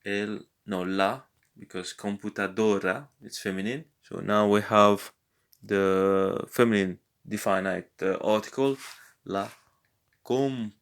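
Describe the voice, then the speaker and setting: A man talking through a language exercise, thinking aloud in a hesitant way and slowly sounding out foreign words. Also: lowish voice. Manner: hesitant, thinking aloud with many pauses and repeats. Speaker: language lesson vlogger working through exercises. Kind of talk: casual think-aloud tutorial.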